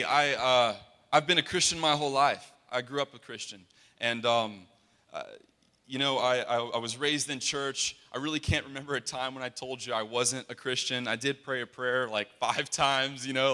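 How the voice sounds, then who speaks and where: An earnest young man preaches in a big, reverberant hall, his bright, forceful voice ringing out over a PA microphone. He talks conversationally and often stumbles and restarts mid-sentence. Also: medium pitch. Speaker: worship leader and guest speaker. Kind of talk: sermon. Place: large hall.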